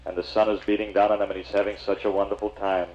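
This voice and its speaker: A man's voice: fairly low pitch, flat delivery, fast, darkish tone, highs cut off. A man doing a stand-up routine, chatting with the audience in a confiding storyteller's manner. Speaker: comedian and emcee.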